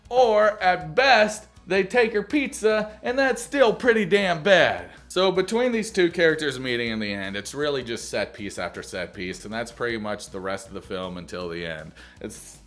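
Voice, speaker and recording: A man's voice: fairly high pitch, a bit bright. A man rambling through a casual, jokey movie review, loose and self-mocking, swearing often.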